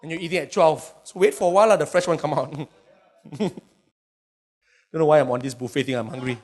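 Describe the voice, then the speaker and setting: A man's voice: on the high side, brisk, darkish tone. A middle-aged male pastor preaches animatedly, with emphatic bursts and playful asides. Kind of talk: sermon.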